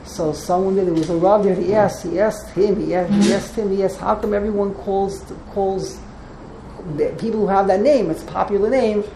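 A woman's voice: medium pitch, fairly quick, few pauses, background noise. A woman teaching a text class, explaining as she goes and often repeating and restarting her words. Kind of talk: classroom lecture with questions. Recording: roomy echo.

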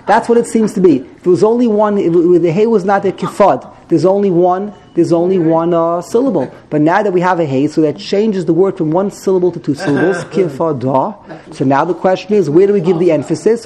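A man's voice: sits high, dark tone. A man teaching a text study class, explaining grammar as he thinks aloud, repeating and correcting himself.

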